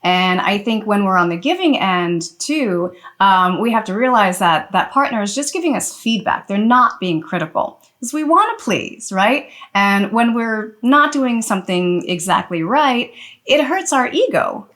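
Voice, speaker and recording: A woman's voice: mid-range voice, animated, measured pace, a bit bright. A woman co-hosting a podcast, chatting casually with a loose, filler-heavy way of talking. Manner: chatty, loose, many "like" and "you know" fillers. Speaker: podcast co-host.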